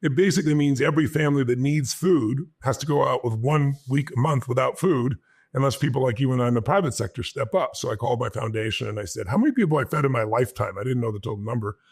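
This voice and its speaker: A man appearing as a guest on an interview show tells a personal story with animated energy, acting out lines he once said. His mid-range voice is husky and fast.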